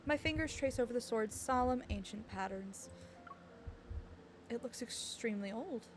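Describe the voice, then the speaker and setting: A woman's voice: on the high side, moderate pace, music in the background. A woman streamer chatting casually and reading game text aloud, giggling often.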